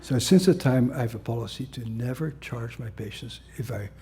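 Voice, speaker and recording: A man's voice: medium pitch, moderate pace, mellow, husky. A man giving a conference lecture as a psychiatrist, blunt and conversational with a wry humor.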